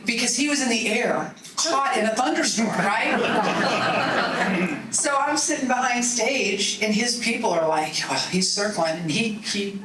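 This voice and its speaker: A middle-aged woman, a political speaker telling animated, folksy stories to a party meeting. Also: fairly high pitch, unhurried, distant mic, noisy background. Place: meeting hall. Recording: roomy hall audio from off-mic.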